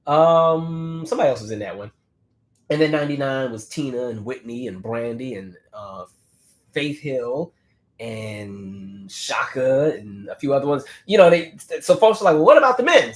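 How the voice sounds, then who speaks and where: Slightly hoarse man chatting casually. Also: mid-range voice. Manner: conversational, many fillers and restarts. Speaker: livestream host reading chat comments. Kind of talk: casual livestream chat.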